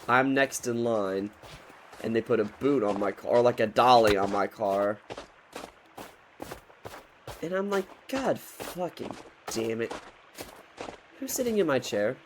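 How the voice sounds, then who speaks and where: A man's voice: mid-range voice, a little hiss or hum, poor audio. A man in his twenties telling a rambling, profane storytime in a casual, joking way. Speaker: vlogger.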